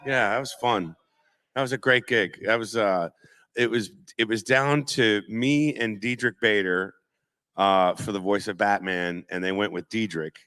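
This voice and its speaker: A man, a voice actor, chatting casually on a convention panel, telling animated stories and dropping into impressions. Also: lowish voice, unhurried, clear, resonant tone. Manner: animated storyteller, slips into impressions. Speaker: voice actor guest. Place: convention auditorium stage.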